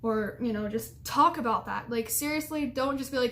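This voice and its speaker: A woman's voice: on the high side, moderate pace, a bit bright, slight background noise. A young adult woman giving casual advice to camera, chatty and rambling with lots of fillers and giggles.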